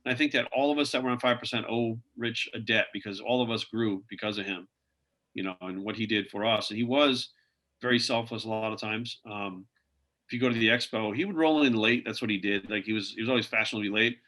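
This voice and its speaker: Man, podcast guest, quick talker, rambling anecdotes, lots of fillers. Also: fairly low pitch, fairly even intonation, pushed and bright. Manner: rambling anecdotes full of "like" and "you know". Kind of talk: casual interview storytelling.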